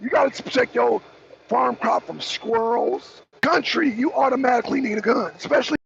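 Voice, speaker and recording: Hoarse man, high gravelly voice, casual stream host, chatty, clears throat a lot. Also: moderate pace, a bit bright, slight background noise. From Southern US. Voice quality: raspy, gravelly. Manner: chatty, addresses viewers as y'all, clears throat often. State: hoarse, losing his voice. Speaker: talk show host. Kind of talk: casual livestream commentary. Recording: dull lo-fi stream audio.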